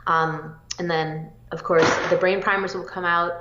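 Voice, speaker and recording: A woman psychologist answering interview questions with eager energy and quick bursts of speech. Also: lowish voice, fairly even intonation, noisy background. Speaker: psychologist guest. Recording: roomy, dull lo-fi audio.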